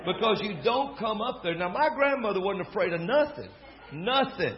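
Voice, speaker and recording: A man with a Southern US accent, a preacher telling a family story in a folksy, animated way with laughing asides. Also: high voice, moderate pace. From American South. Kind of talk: storytelling sermon. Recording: dull lo-fi recording with faint crowd and noise. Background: faint audience laughter.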